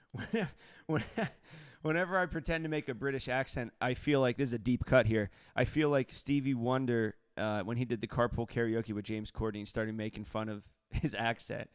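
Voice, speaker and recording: A man, a saxophonist, casually chatting on his livestream and answering viewer comments in a relaxed, joking way, laughing often. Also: medium pitch, brisk, hardly any pauses, clear, resonant tone, no room sound, clean studio sound.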